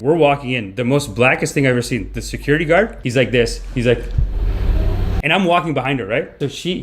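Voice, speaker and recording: Rambling mock-guru man, lively voice. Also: medium pitch. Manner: rambling, self-interrupting, mock-spiritual. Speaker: comedian playing a spiritual guru. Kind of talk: comedic monologue.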